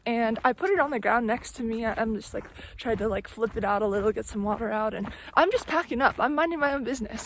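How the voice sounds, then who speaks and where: Młoda kobieta z akcentem z Zachodniego Wybrzeża USA, nagrywająca na szlaku swobodnego vloga z wędrówki i opowiadająca gadatliwie, z mnóstwem wtrąceń „like”. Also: female voice, on the high side, a little hiss or hum. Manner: chatty, many "like" fillers, exasperated storytelling. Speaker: thru-hiker vlogger. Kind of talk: casual vlog storytelling. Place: outdoors on a mountain trail.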